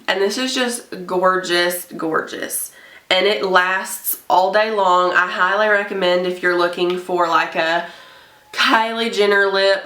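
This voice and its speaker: Young woman vlogger, blunt casual makeup review, bright tone, roomy echo. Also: medium pitch. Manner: chatty, blunt, gets heated about bad products. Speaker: beauty vlogger and hairstylist. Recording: echoey room, a bit far from mic.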